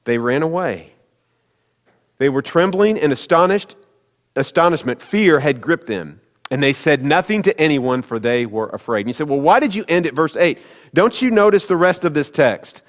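Man preaching in a reverberant hall. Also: fairly high pitch. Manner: conversational, speaks directly to the congregation. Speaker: pastor. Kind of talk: sermon.

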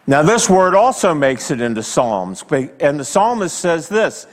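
Slow, animated preacher in a reverberant hall. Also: male voice, on the high side. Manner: slow, emphatic preaching with dramatic pauses; asks the congregation direct questions. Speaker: pastor. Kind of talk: sermon.

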